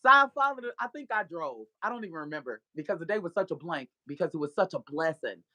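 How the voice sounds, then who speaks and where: A woman, a podcast guest and author, telling an animated, profane story of her faith. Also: lowish voice, quick pace, no room sound. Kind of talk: casual testimony.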